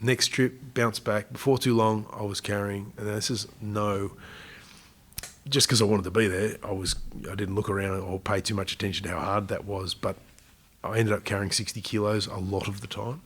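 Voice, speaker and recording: A man with a low voice and an Australian accent, talking as a podcast guest. He is in his forties and tells his stories casually, in a chatty way, often breaking into laughter. His delivery stays loose and conversational. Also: moderate pace, fairly bright tone, husky. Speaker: guest, army veteran. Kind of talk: casual storytelling interview.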